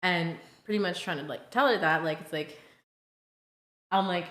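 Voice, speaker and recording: A woman streamer telling a casual story to her chat, animated and blunt, swearing freely and laughing often. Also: lowish voice, moderate pace. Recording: roomy echo.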